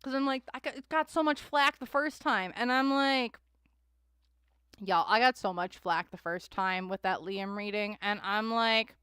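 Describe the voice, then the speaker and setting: A woman's voice: medium pitch, unhurried, pushed and bright, clear, resonant tone, no room sound, clean studio sound. A young adult woman hosting a live tarot stream, chatting with viewers in a rambling way and often laughing and sighing between thoughts.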